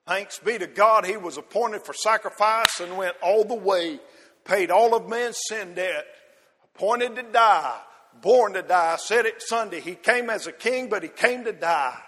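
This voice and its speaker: Preacher guy, pretty high voice, rhythmic and repetitive, long echoey hall. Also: moderate pace, a bit bright. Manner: rhythmic, repetitive, calls listeners by name. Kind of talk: sermon.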